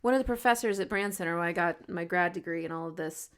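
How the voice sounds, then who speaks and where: A woman co-hosting a podcast in casual chat, playful and lively, quick to laugh along. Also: on the low side. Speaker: podcast co-host.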